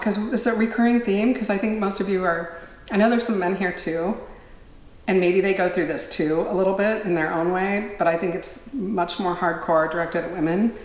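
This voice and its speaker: A woman's voice: medium pitch, fairly even intonation, a little fast. A middle-aged woman vlogging in a casual, rambling, self-deprecating chat to her viewers. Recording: roomy echo, faint ambience.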